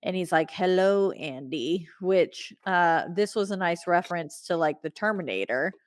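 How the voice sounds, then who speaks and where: A woman with a lowish voice chats through a movie recap on a podcast, filling her sentences with "like" and "um". The sound is dry and close, with no room around her. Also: normal speed, no room sound. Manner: chatty, many fillers, acts out quotes. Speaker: podcast co-host. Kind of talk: casual movie recap chat.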